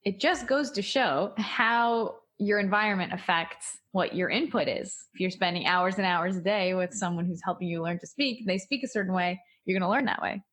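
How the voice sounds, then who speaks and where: A woman's voice: medium pitch, moderate pace, few pauses, fairly bright tone. A woman who hosts a podcast and works as an audiologist, asking questions in a casual, encouraging way. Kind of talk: casual interview.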